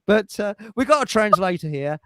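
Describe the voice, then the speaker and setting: A man's voice: high-pitched, very animated, moderate pace, bright, forceful tone, a little hiss or hum, poor audio. A man hosting a livestream chat show, rambling and cheeky, swearing and laughing at his own jokes. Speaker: livestream host. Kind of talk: casual chat.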